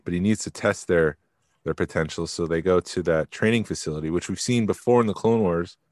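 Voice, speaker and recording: A man's voice: low-pitched, fairly quick, a little mellow, no echo, studio quality. A man co-hosting a podcast, chatting casually and rambling, often trailing off mid-thought. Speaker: podcast co-host.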